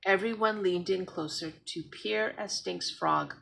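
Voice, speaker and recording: A woman's voice: on the low side, unhurried, gravelly, a bit bright, poor audio. A woman expressively reading a children's book aloud as a storyteller. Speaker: storybook reader.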